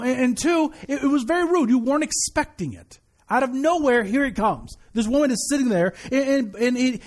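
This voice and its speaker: A male pastor preaching a sermon in a casual, conversational way, with joking asides and frequent restarts. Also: very high-pitched.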